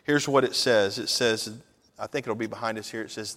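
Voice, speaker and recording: A man's voice: fairly low pitch, steady tone, fairly quick, a bit bright. A man preaching a sermon to his congregation, folksy and conversational, telling jokes and asking if they are with him. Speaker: pastor. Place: church worship hall. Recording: reverberant hall.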